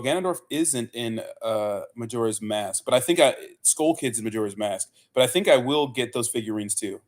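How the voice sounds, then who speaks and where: A young man casually chatting on a livestream, rambling and swearing with lots of fillers and "bro". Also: mid-range voice. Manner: loose, profane, rambling with many fillers and "bro". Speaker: livestream host. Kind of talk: casual livestream chat reading viewer comments.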